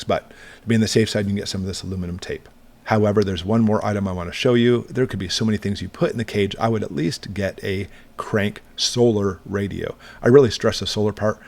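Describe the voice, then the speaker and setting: Prepping-channel host, man, middle-aged, lowish voice, relaxed and reassuring gear walkthrough. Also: fairly quick, gravelly. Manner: conversational, plain-spoken, reassuring. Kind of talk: casual product walkthrough.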